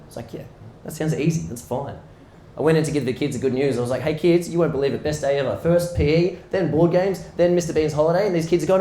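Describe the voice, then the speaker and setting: A man performing a stand-up comedy set, telling stories and acting out the exchanges with lively energy. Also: a little high, fairly quick, long pauses. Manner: animated storytelling, acting out exchanges. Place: live comedy venue with audience. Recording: echoey room with audience noise.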